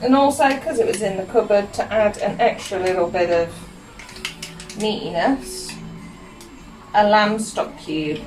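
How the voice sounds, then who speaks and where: A woman's voice: medium pitch, unhurried, long pauses, rough recording. British woman, home cooking vlog, chatty step-by-step, music bed underneath. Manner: chatty, giggly, explains each step to viewers. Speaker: cooking vlogger. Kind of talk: casual cooking walkthrough. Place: home kitchen. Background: background music and pans.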